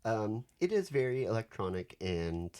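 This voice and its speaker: Teasing woman podcast co-host, extremely deep voice, lively pitch. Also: moderate pace. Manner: teasing, playful. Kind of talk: casual chat.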